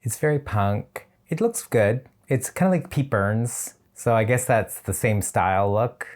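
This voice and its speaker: A man's voice: lowish voice, a little slow, a little mellow. A man reviewing a drag competition show in a casual, chatty reaction style, with opinionated and slightly shady asides.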